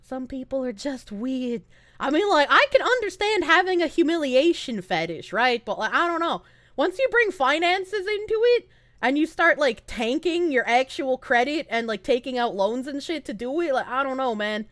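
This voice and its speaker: A woman's voice: sits high, animated, moderate pace, a bit bright, no echo, clean studio sound. A woman streamer chatting casually and rambling on a live stream, laughing often between lines.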